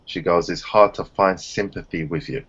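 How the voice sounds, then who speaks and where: A man's voice: moderate pace, slightly rough. A man chatting casually on a group video call, telling stories and acting out other people's voices. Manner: animated storyteller, acts out others in high voices. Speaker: round table panelist. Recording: dull lo-fi call audio.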